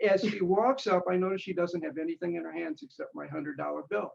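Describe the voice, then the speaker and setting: High gravelly man telling anecdotes. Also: little pitch movement, quick pace, a little mellow, lo-fi sound. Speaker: retail speaker. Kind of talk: speaker showcase presentation.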